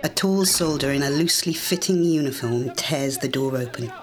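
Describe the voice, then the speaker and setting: An audiobook narrator giving a measured, deliberate reading of a scripted story. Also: mid-range voice.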